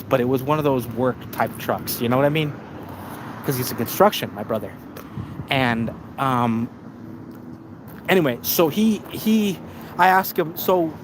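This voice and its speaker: A man's voice: medium pitch, noisy background. A man live streaming, telling a story to his chat in a rambling way full of restarts and repeats.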